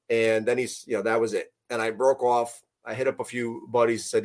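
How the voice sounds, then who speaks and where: A man's voice: medium pitch, flat delivery, a little fast, hardly any pauses. A man from the Connecticut and New York area, a podcast guest who tells easygoing stories and quotes his own past conversations. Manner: easygoing storyteller, quotes himself in dialogue. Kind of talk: casual storytelling.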